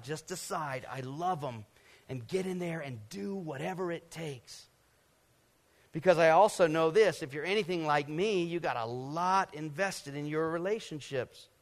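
A middle-aged pastor from Georgia delivers a sermon to a congregation from the stage, his voice pitched on the high side. He drifts into lively personal stories, acting out scenes and adding playful sound effects. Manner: animated storytelling, acts out scenes and sound effects. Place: stage before a live congregation.

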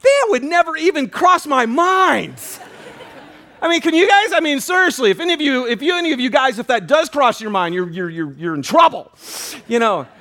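A man preaching a sermon as pastor, telling a story with animated energy, often restarting and repeating words. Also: very high voice, normal speed.

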